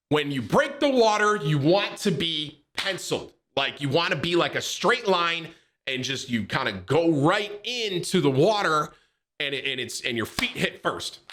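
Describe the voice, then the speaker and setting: Animated, cursing male streamer. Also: medium pitch. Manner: animated, profane, acts out quotes in raised voice. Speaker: streamer telling a story. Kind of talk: casual storytelling to chat.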